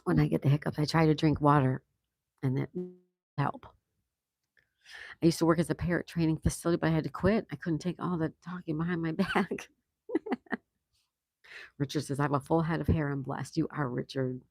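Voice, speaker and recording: A man's voice: fairly high pitch, level tone, a little fast, gravelly, pauses often, no room sound. A man hosting a casual livestream, reading viewer comments aloud and reacting with easy laughs. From United States. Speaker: livestream host reading chat. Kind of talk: casual live chat.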